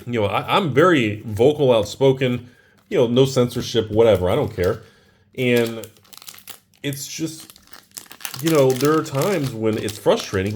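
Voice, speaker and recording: A husky American man talks loosely in a vlog while he cracks open card packs. His voice climbs and dips all over the place, and his rambling excitement fills every sentence with "like" and "dude.". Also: mid-range voice, a little slow. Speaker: card shop owner and investing vlogger.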